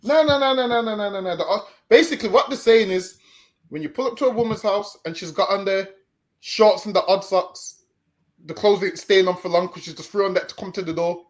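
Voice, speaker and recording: A man's voice: high-pitched, fairly quick. A man hosting a live stream show, chatting casually and often stammering and repeating words. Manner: stammering repetitions, easygoing.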